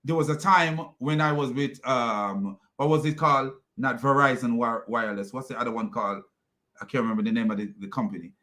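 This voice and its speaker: A man's voice: medium pitch, sharp tone. A man hosting a commentary video, ranting and mocking as he reacts to clips. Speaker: commentary host.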